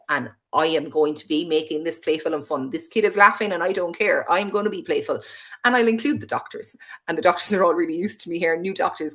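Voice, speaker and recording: A woman with a Cork Irish accent giving a parent webinar talk, speaking fast, passionate and playful. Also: sits low. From Cork, Ireland. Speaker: hospital play presenter.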